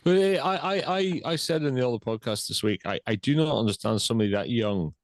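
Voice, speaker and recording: A man's voice: mid-range voice, expressive, fairly quick, no room sound. A man co-hosting a casual football podcast, talking in a hesitant way with frequent restarts and repeated words. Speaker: podcast co-host.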